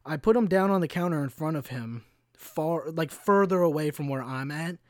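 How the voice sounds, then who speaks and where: A man's voice: on the high side, expressive, moderate pace, no room sound, studio quality. Ranting young man, profane and exasperated. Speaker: podcast host. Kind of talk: casual storytelling monologue. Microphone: podcast mic, no camera.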